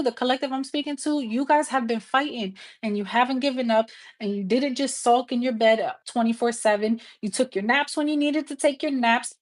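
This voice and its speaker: A woman giving a live tarot reading, talking to viewers in a casual, frank and encouraging way and swearing freely. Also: a little high. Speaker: tarot reader.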